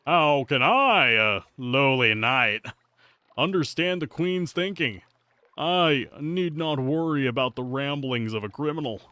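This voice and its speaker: Man voicing a rigid knight reciting orders to himself, lively pitch, dry room. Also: a little slow, smooth, dry recording. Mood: dutiful. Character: stiff, dutiful male knight, loyal and anxious. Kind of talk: live reading of game dialogue.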